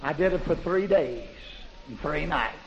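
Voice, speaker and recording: A man preaching a fervent testimony in a plain, folksy way, building up to loud, shouted praise. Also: on the high side, lively intonation, measured pace, vocal fry, in a large hall. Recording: dull lo-fi recording with faint hiss.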